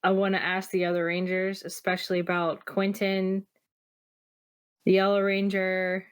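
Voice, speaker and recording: A woman playing a tabletop game, thinking aloud in a casual, slow, easygoing way. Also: medium pitch, monotone, clean tone. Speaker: player. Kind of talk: casual tabletop play chat.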